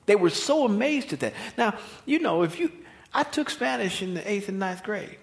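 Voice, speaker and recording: Emphatic high-voiced American preacher. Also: male voice, normal speed. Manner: emphatic, expressive preaching delivery. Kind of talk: sermon.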